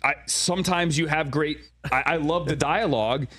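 A man's voice: a little high, moderate pace, fairly bright tone, no room sound. Chatty man, dry studio sound. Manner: rambling storyteller, mimics on-air voices, frequent "right?". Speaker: guest broadcaster. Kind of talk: animated casual studio chat. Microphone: studio mic with earpiece.

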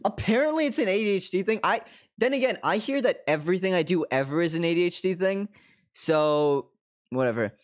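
A man's voice: sits high, animated, fairly quick. A young man live streaming from his desk at home, chatting casually, swearing constantly, laughing often and slipping into other accents.

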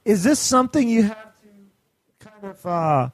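A man's voice: high voice, animated, a little slow, no room sound. Man from India with an American accent. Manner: curious, joking, easygoing questions. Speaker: radio show host. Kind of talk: casual interview chat.

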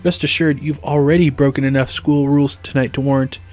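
A man reading aloud, voicing a stern older witch professor who speaks low and threateningly. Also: flat delivery, a little fast, darkish tone, soft background music, natural voice.

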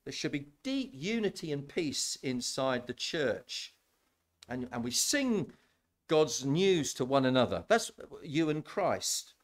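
Male preacher, slightly high voice, very lively delivery; sermon in church, chatty and emphatic. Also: takes it slowly, gravelly. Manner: animated, conversational, repeats words when building a point.

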